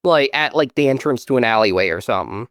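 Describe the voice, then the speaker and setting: Smooth-voiced eager male player. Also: mid-range voice, lively intonation, fast talker, fairly bright tone, dry recording, studio quality. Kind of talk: casual tabletop play.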